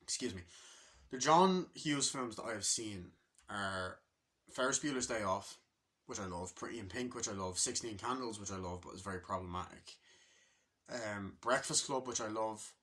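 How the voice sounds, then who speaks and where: A man's voice: fairly low pitch, normal speed, pushed and bright. A man giving a casual spoken movie review, rambling and enthusiastic, and swearing often.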